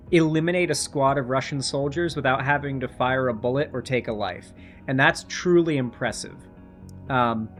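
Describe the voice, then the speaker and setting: A man's voice: on the high side, a bit bright. A man giving casual political commentary in a conversational way, with filler words and restarts, and Ukrainian as his first language.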